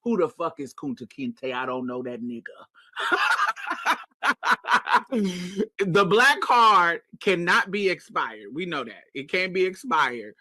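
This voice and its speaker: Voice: mid-range voice, big pitch swings, slow pace, long pauses, bright, forceful tone, no room sound. A panel host gossiping in casual chat, sassy and laughing often.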